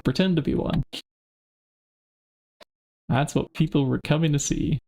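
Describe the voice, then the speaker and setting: A fairly high, gravelly, warm-toned male voice moves at a slightly slow pace. While streaming a modded game, he chats casually, searching through items and muttering his thoughts aloud.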